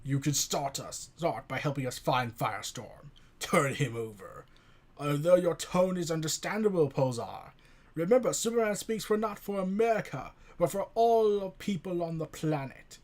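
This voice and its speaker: A man's voice: fairly high pitch, expressive, moderate pace, close to an everyday voice. Stern Russian head of state, male, formal and grave, read by a guy faking the accent. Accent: put-on stereotypical Russian. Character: stern male Russian leader declaring war.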